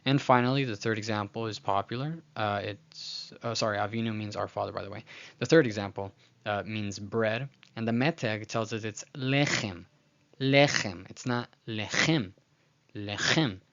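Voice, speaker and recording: A man with a fairly low voice walks through a lesson on reading, patiently repeating each word slowly so the learner hears it. His talk is loose, with fillers and restarts. The audio is a bit dull and lo-fi. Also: steady tone, gravelly. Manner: patient, repeats words slowly to model pronunciation; uses frequent fillers and restarts. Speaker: language teacher. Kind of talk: recorded lesson explaining slides.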